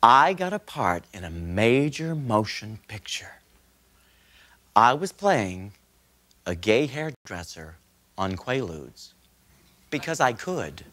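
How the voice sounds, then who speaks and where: A comedian performing a one-man stage show, telling stories in a theatrical, animated way. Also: mid-range voice, slow, pauses often, dry recording.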